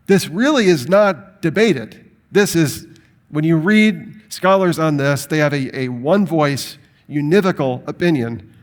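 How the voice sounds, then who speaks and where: A man teaches from the Bible to a live audience in a fairly high voice. He is emphatic and animated, and he leans on rhetorical questions to drive his points home. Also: a little slow. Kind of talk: lecture to an audience.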